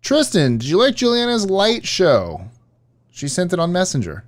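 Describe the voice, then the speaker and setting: A man's voice: high voice, huge pitch swings, normal speed. A man co-hosting a casual live stream, rambling and correcting himself as he answers chat.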